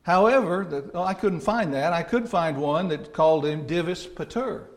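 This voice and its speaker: A man's voice: fairly high pitch, animated, normal speed. A man with an Alabama accent preaching a sermon, teaching in a folksy, conversational way with homey asides. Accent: Southern American, Alabama. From North Alabama.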